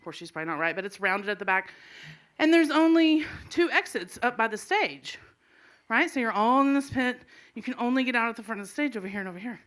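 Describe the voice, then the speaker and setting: Woman storyteller, middle-aged, live comedy set; bright tone, slightly high voice, animated and laughing. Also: quick pace. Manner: animated, laughing as she tells it. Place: live stage before an audience.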